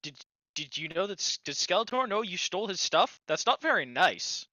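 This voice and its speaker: A co-host in casual stream chat, eager and teasing, jumping in with excited suggestions. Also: medium pitch, moderate pace, no room sound, dull audio.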